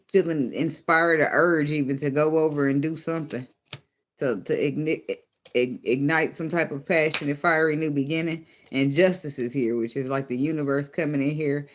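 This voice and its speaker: A man with a fairly high voice gives a casual tarot reading. He talks bluntly and swears freely, teasing the listener and laughing often. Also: a little hiss or hum. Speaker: tarot reader.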